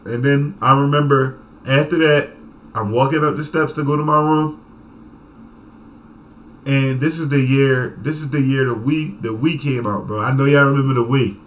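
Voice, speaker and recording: A young man telling a story from his childhood in a casual, animated way, full of cursing and laughter. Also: medium pitch, slight background noise. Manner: animated, profane, laughing, acts out voices. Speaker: vlogger.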